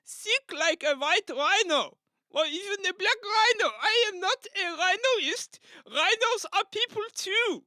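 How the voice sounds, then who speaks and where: A performer voicing a smug, oblivious elderly male football boss in a high, affected voice. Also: lively intonation, unhurried, bright, forceful tone, no room sound, exaggerated voice.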